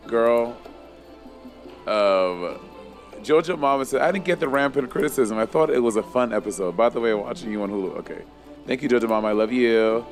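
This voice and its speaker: A man's voice: medium pitch, lively intonation, moderate pace, soft background music. A man in his thirties co-hosting a casual chat, telling stories and swearing freely. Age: 30s. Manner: chatty storyteller, swears freely. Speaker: co-host.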